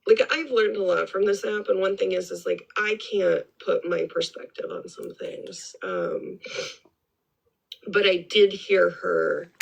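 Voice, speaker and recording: A woman holds forth on a live stream with blunt, rambling opinions and frequent swearing. Her voice has a gravelly, husky grain. She often circles back to repeat her own points. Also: fairly low pitch, expressive, measured pace, poor audio. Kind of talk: casual opinionated commentary.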